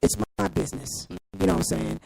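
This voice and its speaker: A man's voice: fairly high pitch, fast talker, creaky, no room sound, rough recording. A young man, a guest actor and filmmaker, talking candidly in a casual chat, emphatic with lots of laughs and slang. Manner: animated, emphatic, laughs often, street slang.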